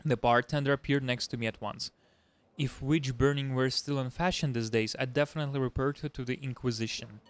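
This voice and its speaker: A man's voice: medium pitch, fairly even intonation, fairly quick, clear, resonant tone, no echo. A man playing a game, reading its story aloud with his own comments. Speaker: let's play host reading a visual novel aloud.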